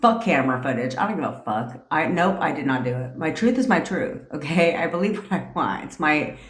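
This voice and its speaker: A woman in her forties, with a lowish voice, rants through a story for her livestream. She swears freely, talks bluntly and laughs often. Her voice carries a roomy echo. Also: animated, brisk. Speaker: manifestation coach. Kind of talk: casual storytelling rant on a livestream.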